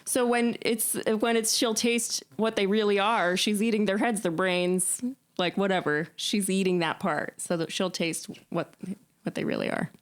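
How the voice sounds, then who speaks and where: A woman musician being interviewed, telling stories in an animated way, often laughing and restarting her sentences. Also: medium pitch, normal speed. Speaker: musician guest. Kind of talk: casual interview chat.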